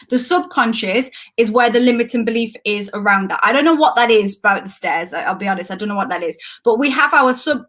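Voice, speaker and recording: A Geordie woman in her thirties talks through a live coaching stream from her home. Her voice sits a little high, and she rambles and wanders off topic in a chatty, self-deprecating manner. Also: fairly bright tone.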